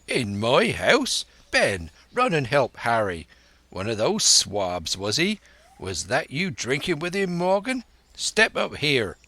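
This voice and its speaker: A man's voice: medium pitch, huge pitch swings, takes it slowly, bright, forceful tone, dry recording, full character voice. Long John Silver, a man doing a blustering pirate. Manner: hearty, blustering sea slang. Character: loud crafty one-legged pirate cook, older man.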